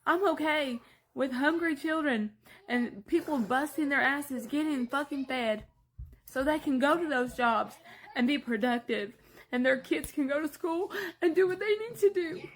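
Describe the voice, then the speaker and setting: A woman's voice: sits high, a little slow. A working mother venting in a vlog, angry, tearful and swearing. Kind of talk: emotional vlog rant.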